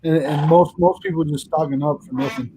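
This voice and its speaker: A man's voice: fairly high pitch, fairly even intonation, fairly quick. A man co-hosting a casual podcast, chatting playfully with friends, with a faint background hiss. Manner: playful, jokey. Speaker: co-host of a reselling podcast. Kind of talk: casual chat among friends.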